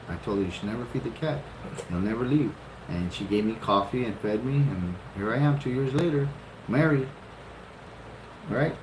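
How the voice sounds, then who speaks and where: Animated fifty-year-old man telling a story. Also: on the low side. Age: 50s. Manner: animated storyteller, acts out his own reactions with a lot of swearing. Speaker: husband telling how the couple met. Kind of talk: casual storytelling. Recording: roomy echo with clear background noise.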